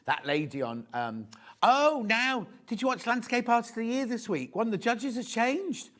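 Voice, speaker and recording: This shopping channel host has a very high-pitched, slightly bright voice and is very animated, speaking at normal speed. Live in a TV studio, he enthusiastically chats and gossips while presenting fabrics.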